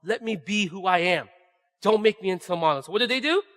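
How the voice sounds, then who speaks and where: A man with a fairly high voice preaches a conversational sermon. He keeps checking in with "right?" and drops to a lower tone when he acts out other voices. His words ring out with a long reverb through a church hall. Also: lively intonation, fast, fairly bright tone. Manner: conversational, often asks "right?". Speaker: pastor. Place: church sanctuary.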